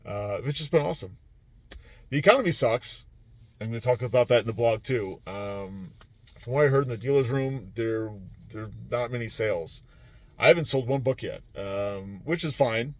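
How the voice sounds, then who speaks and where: A man's voice: mid-range voice, moderate pace. A man who runs tabletop games at a convention, recapping his weekend in a loose, rambling way with lots of fillers and restarts. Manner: rambling, many fillers and restarts, laughs easily. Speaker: game master at a convention. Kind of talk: casual vlog recap.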